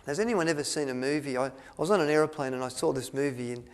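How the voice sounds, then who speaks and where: A man tells a story to an audience. He rambles, restarts his sentences often and fills pauses with ums. He acts out the lines he quotes. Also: a little high, clean tone. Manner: rambling, with many restarts and fillers, acting out quotes. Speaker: speaker at a health retreat.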